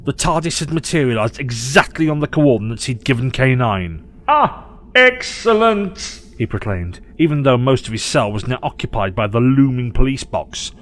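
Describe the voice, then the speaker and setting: A man narrating an audio short story in a measured, expressive way. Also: medium pitch.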